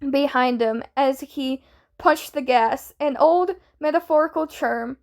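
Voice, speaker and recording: A young woman reading a fanfiction story aloud in a casual way, often stumbling and restarting words. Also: high voice. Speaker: fanfiction reader.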